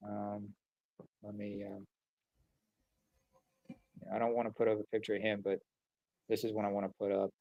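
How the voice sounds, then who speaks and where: Soft-spoken, halting man on a stream. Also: on the low side, flat delivery, gravelly, dull audio. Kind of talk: casual chat.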